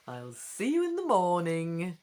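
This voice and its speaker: A woman's voice: fairly low pitch, huge pitch swings, measured pace, a little mellow. A woman reading aloud, voicing a stern, middle-aged chief warder who speaks thoughtfully and drily. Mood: dry. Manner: thoughtful, dry.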